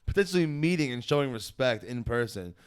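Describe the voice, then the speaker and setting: A man chats with his co-host in easygoing banter. His voice is smooth and clear, and his pitch moves around a lot as he talks. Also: animated, fairly quick. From Long Island, New York. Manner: laughing, easygoing sidekick. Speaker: podcast co-host. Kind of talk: casual chat.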